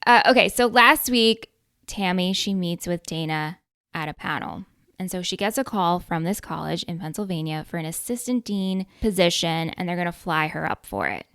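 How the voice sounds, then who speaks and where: Animated woman podcast co-host recapping. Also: on the low side, normal speed, clear, resonant tone, dry recording, studio quality. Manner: animated storyteller who reads out listener questions. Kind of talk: casual chat recapping a TV episode.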